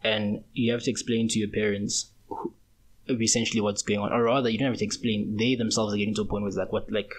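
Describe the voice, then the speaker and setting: A man's voice: fairly low pitch, little pitch movement, fast. A young man in his twenties hosting a solo podcast, talking in a casual, rambling, slangy way. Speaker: podcast host.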